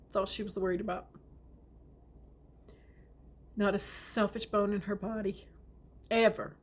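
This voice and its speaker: A middle-aged woman shares a family memory in a gentle, heartfelt way. Her voice often softens to a near whisper, and her pitch sits in an ordinary middle range. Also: little pitch movement, a little slow. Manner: tender, often drops to a whisper. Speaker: storyteller. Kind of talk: personal storytelling.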